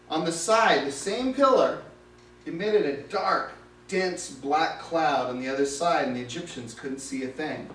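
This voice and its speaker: Male lay preacher, high voice, casual dramatic storytelling, roomy recording from a distance. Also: a bit bright. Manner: conversational, vivid retelling.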